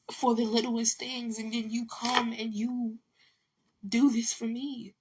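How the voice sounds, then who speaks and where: A woman's voice: on the high side, fairly even intonation, slow, darkish tone, husky. Blunt, emotional woman telling her story. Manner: blunt, emotional, swears freely, repeats words. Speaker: vlogger telling a personal story. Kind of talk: casual storytelling to camera.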